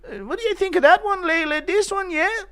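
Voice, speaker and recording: A man's voice: extremely high pitch, fairly quick, fairly bright tone, pitched above the performer's own voice. A man voicing a fussy young Irishman with a put-on Irish accent, thin and pleading. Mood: coaxing.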